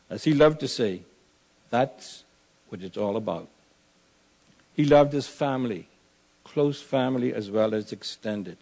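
A man delivering a funeral eulogy, measured and solemn, building to emphatic preaching. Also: mid-range voice, darkish tone.

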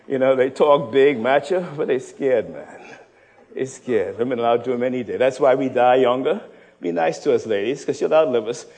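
A man with a Bahamian accent preaching a sermon, swinging from loud, rousing passages to hushed, quiet ones and joking with the congregation. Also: fairly high pitch, gravelly, husky, long reverb tail. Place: church hall.

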